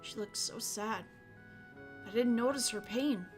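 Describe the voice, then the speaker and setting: A woman's voice: fairly high pitch, a little slow, over music, close to an everyday voice. Woman voicing brooding teen boy Keiichi. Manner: brooding, accusing, then self-blaming. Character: teenage boy, guilt-ridden and bitter. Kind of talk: visual novel read-aloud.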